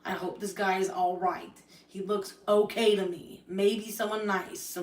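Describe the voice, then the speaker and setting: A woman's voice: medium pitch, level tone, measured pace, distant mic. A young adult woman on a live stream, ranting in a heated, profane and rambling way. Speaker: livestreamer. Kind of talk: angry live-stream rant. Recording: roomy echo, voice off-mic.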